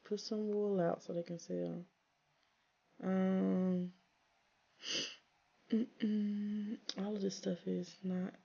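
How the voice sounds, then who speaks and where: Chatty gamer woman, gravelly voice. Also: mid-range voice, little pitch movement, extremely slow, long pauses, dark tone, lo-fi sound. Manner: chatty, talks to viewers and her game characters, exasperated asides. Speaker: gaming channel host. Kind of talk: casual let's-play commentary.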